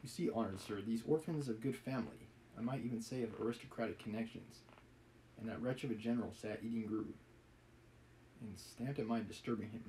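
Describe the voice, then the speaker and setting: A man's voice: lowish voice, brisk, mellow, a little hiss or hum, close to an everyday voice, poor audio. A man reading a novel aloud, voicing a frantic, proud, impoverished widow in a lofty, pleading manner.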